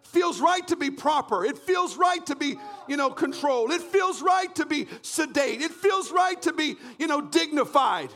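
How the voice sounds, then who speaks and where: A man from Canada preaching a fervent sermon, often shouting and repeating phrases in a church. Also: extremely high pitch, lively intonation, moderate pace, few pauses, faint music behind. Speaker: pastor.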